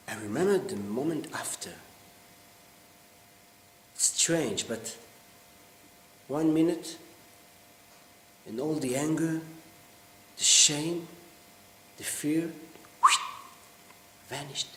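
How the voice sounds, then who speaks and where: A man delivers a confessional stage monologue with intensity and halting pauses. His voice sits mid-range. The sound is distant and echoey, with a faint hiss. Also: mid-range voice. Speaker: actor performing a monologue. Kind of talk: theatrical monologue. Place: theater stage.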